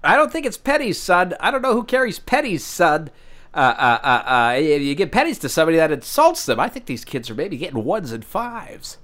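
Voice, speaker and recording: A man hosting a comedy bit, his pitch swooping up and down in a lively, animated delivery. He rambles and stammers through constant fillers, needling his partner with deliberately provocative remarks. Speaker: comedy show host. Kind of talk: improvised comedy banter.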